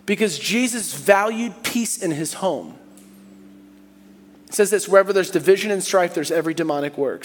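A man preaching a sermon as pastor in a church, animated, moving between hushed and loud, high tones when he imitates people. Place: church sanctuary. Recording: long hall reverb.

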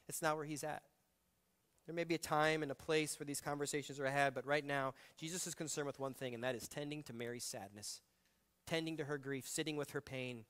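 Male pastor, sermon, conversational and emotive, bright forceful tone, slightly high voice. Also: steady tone, a little fast, smooth. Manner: conversational, emotive, shifting between loud emphasis and soft reflection.

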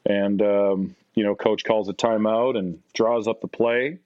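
A middle-aged man with a Canadian accent, a podcast guest telling stories in a casual, animated way. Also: measured pace, dry recording. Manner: animated, acts out quotes in a higher voice. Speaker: podcast guest, former basketball player. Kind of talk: casual storytelling. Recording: dry, slightly dull audio.

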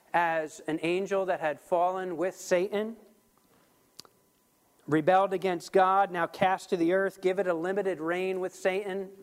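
A man preaching a sermon as pastor, talking in an animated, emphatic way with frequent restarts. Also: high voice.

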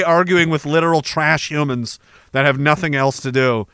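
A man's voice: a little high, normal speed, sharp tone, clean tone, no room sound, studio quality. A man from Canada rambling through a sarcastic, profane comedic rant, laughing between his thoughts. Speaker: vlogger.

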